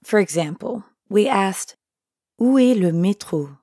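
A woman co-hosting a scripted language lesson, repeating phrases clearly for learners. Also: mid-range voice, expressive, measured pace, warm tone, no echo, clean studio sound.

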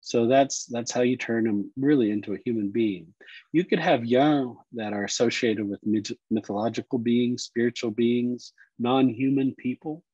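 A man teaching Cherokee words and culture, explaining slowly and repeating each word. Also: mid-range voice, darkish tone, husky, dry recording, dull audio. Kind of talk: explanatory lesson talk.

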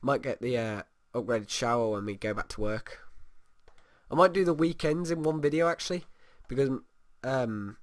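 A man's voice: medium pitch, moderate pace, no room sound, clean studio sound. A man giving casual let's play commentary, rambling and humming to himself as he plays. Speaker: gamer.

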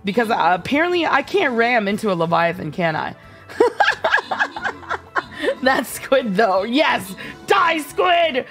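A young woman streaming a game live, bubbly and giggly, with playful dramatic outbursts at her chat. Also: a little high.

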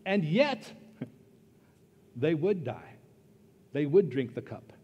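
A man preaching a sermon as pastor, earnest and emphatic, pausing and then rising into bursts of stress. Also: on the high side, sing-song, warm tone, slightly rough, muffled recording. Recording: long reverb of a church hall.

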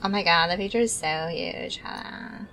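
A woman's voice: fairly low pitch, moderate pace, fairly bright tone, a little hiss or hum. A woman streamer in a playful role-play chat, putting on valley girl talk and cooing over her dog.

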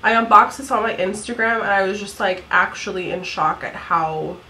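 A woman's voice: mid-range voice, normal speed, bright, forceful tone, a little hiss or hum, poor audio. Chatty giggly woman in her thirties. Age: 30s. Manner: chatty, giggly, lots of "like" fillers. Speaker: beauty vlogger. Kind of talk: casual makeup tutorial chat.

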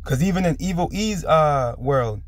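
Pitched a little high with lively intonation and normal speed, his voice carries commentary on a preaching video. He's somewhat under the weather yet speaks emphatically, repeatedly closing lines with "man."

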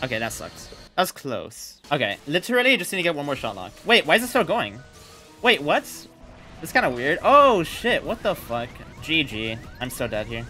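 A young man giving excited live commentary while playing a video game, swearing, yelling and laughing at the fight. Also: a little high, moderate pace, faint music behind. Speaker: gaming streamer.

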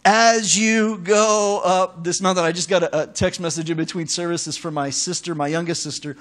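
A man preaching a sermon as pastor, conversational and animated, with asides to the congregation. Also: high voice, normal speed.

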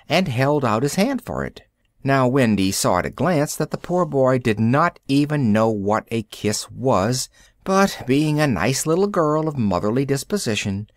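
Storybook narrator for English learners: a man with a lively pitch and a dry, close sound. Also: no room sound.

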